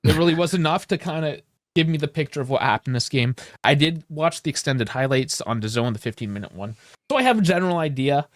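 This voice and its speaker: Chill guy co-hosting a sports pod, kinda high voice, goes up and down a lot. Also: animated, fast, no echo, studio quality. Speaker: podcast co-host. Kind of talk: casual sports podcast chat.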